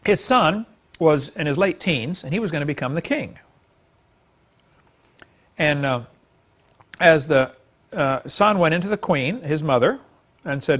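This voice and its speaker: A man's voice: fairly high pitch, lively intonation, a little slow, pauses often. A man teaching a Bible class to a live audience, folksy and emphatic, chuckling as he acts out quoted speech.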